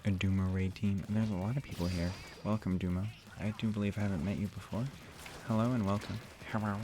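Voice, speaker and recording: A young man streaming a game late at night, talking quietly and half-whispering in a rambling, restarting way so he won't wake his sister. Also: sits low, fairly even intonation, fairly quick, noisy background. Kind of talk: quiet live stream chat while playing. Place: room at home at night. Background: game music.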